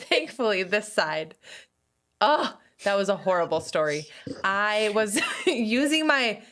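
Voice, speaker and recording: A woman's voice: mid-range voice, very animated, takes it slowly, fairly bright tone. A middle-aged woman co-hosting a podcast, telling stories in casual chat and laughing often as she acts out quoted voices. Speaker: podcast co-host.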